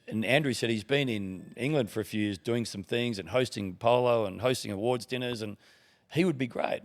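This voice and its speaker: A middle-aged Australian man with a low, gravelly voice, spinning long, rambling anecdotes. He talks casually and acts out bits of the conversations he describes. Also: fairly quick. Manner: rambling anecdotes with quoted dialogue. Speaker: guest, TV broadcaster. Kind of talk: casual storytelling.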